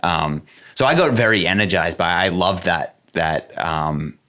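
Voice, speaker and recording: An Australian man with a notably low voice, answering as a podcast guest. He talks in a loose, easygoing way, pausing on "um" as he works through his thoughts. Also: bright, forceful tone. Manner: easygoing, thinks aloud with fillers. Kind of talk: casual conversation.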